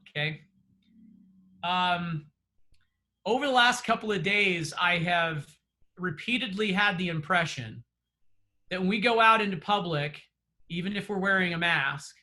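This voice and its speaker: A man's voice: sits high, pushed and bright. A man giving earnest, encouraging closing remarks as a real estate trainer over a video call, with frequent fillers and restarts.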